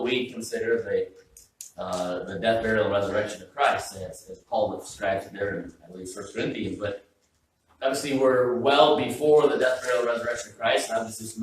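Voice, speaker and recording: A man's voice: on the low side, heavy reverb, distant mic, slight background noise, low-quality recording. A man preaching a sermon as pastor in a casual, joking, conversational way, often stopping and restarting his sentences. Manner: conversational, joking, self-interrupting. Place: church sanctuary.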